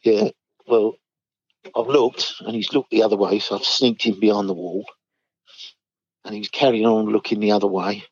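Older guy telling army stories, husky, laughs a lot, muffled dry sound. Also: fairly low pitch, steady tone, normal speed, long pauses, dry recording. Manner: chuckles often, acts out quoted voices. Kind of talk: casual storytelling chat. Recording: dull dry recording.

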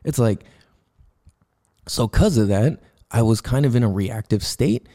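A man's voice: mid-range voice, measured pace. Profane, loose-talking male podcast host. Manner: loose and profane, with lots of fillers and restarts; animated storytelling, acts out sounds and his own quoted thoughts. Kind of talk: casual monologue.

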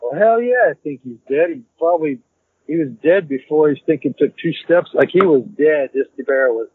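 A man, a hunter and podcast guest, telling a story in a rambling, animated way and repeating "I said" as he acts out the dialogue. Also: fairly high pitch, normal speed, husky, no room sound. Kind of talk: casual storytelling. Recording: tinny phone-like, dry.

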